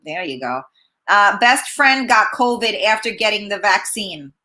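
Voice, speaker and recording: A woman's voice: medium pitch, lively intonation, measured pace, sharp tone. A woman hosting a casual live-stream talk show, reading viewer comments aloud and answering them with plenty of fillers. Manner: chatty, reads comments aloud, hesitant with many fillers.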